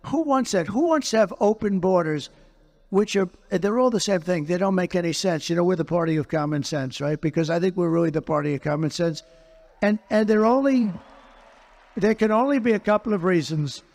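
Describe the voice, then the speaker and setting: A man with a fairly high voice speaks as a politician answering a host's questions in an unscripted interview. He's emphatic and repetitive, hammering his points and circling back to the same phrases, talking a little fast with a slightly mellow tone.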